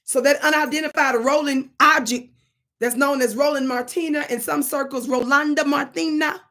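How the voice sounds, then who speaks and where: A woman hosting her own channel, an animated and preachy storyteller who plays with words in a commentary monologue. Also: high voice, moderate pace. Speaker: channel host.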